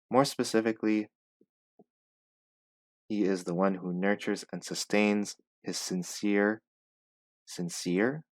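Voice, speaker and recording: Deep-voiced man teaching pronunciation. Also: no room sound. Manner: reads a passage aloud, stopping to repeat and break down words. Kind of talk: reading lesson with explanations.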